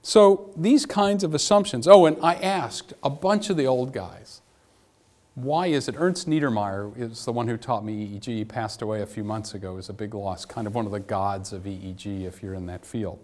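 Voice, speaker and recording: Animated, wry man giving a conference talk. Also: on the low side, moderate pace, few pauses. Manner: animated, anecdotal, wry asides. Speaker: academic lecturer. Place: lecture hall.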